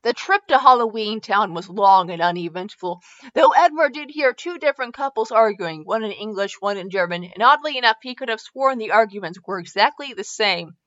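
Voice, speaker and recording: A woman's voice: mid-range voice, lively intonation, fairly quick, a bit bright, no room sound. A woman reading a comic fanfiction aloud, giggling and stumbling over words, on a slightly dull recording. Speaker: fanfiction reader.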